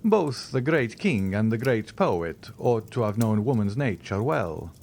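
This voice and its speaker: Brief: man voicing a reserved, mysterious count; measured and low, lively inflection. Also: a little hiss or hum. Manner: measured, sighing.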